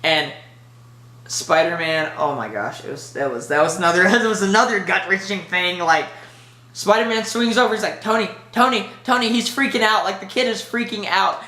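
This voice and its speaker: A movie reviewer giving a casual spoiler review, rambling and excitable with lots of filler words. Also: mid-range voice, moderate pace, roomy sound.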